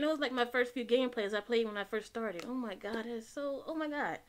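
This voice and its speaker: A woman hosting a gaming channel and giving excitable let's-play commentary, gasping, swearing and jumping at scares. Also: fairly high pitch, fast talker, hardly any pauses, background noise.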